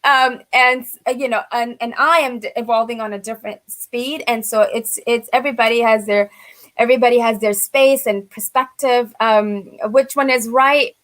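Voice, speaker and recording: A woman's voice: a little high, fairly even intonation, moderate pace, fairly bright tone. A woman guest speaking earnestly in a panel conversation, leaning on "you know" as she thinks aloud. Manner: earnest, filler-heavy with frequent "you know".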